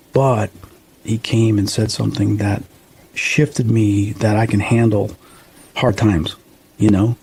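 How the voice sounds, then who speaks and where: A man's voice: fairly low pitch, mellow, breathy edge. A man in his fifties, a guest medium, earnestly telling a personal story and acting out the dialogue. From United States. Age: 50s. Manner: earnest, acts out quoted dialogue.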